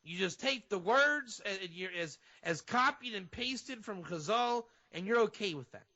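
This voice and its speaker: A man, a rabbi and guest on a radio show, teaching in an animated way and sometimes acting out fervent prayer. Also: high voice, unhurried. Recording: dull lo-fi radio audio.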